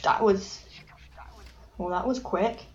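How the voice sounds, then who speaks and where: A woman's voice: mid-range voice, takes it slowly, lo-fi sound. A woman in her late teens from England co-hosting a casual podcast, giggly and self-deprecating. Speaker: podcast co-host. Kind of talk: casual chat.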